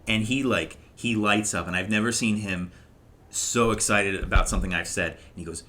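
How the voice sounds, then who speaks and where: A young man and podcast co-host telling a story casually, animated and often laughing. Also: lowish voice, a little fast, slight background noise.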